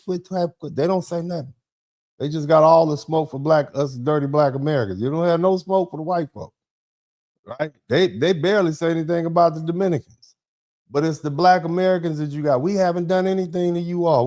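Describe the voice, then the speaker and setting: A man's voice: fairly high pitch, a little mellow. A middle-aged man hosting a commentary show, talking bluntly and heatedly with many rhetorical questions. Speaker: show host. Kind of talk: casual commentary.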